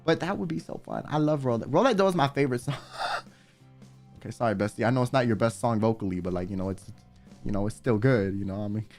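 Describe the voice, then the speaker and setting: A young man chatting casually on a livestream, telling a story with lots of swearing and sudden high yelps. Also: fast talker, darkish tone, soft background music. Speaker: streamer. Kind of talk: casual stream chat.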